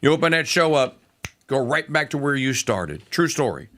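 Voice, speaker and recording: Lively, bright-voiced male radio host. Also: medium pitch, moderate pace. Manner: animated, chatty, lively plugging. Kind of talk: morning talk radio monologue.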